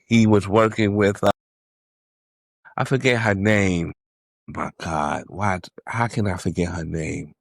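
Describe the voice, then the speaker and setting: A man from New York, a music producer guest, calmly recalling stories in a casual interview. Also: low-pitched, slow pace, gravelly, long pauses, no room sound, studio quality. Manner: laid-back, reflective recollection.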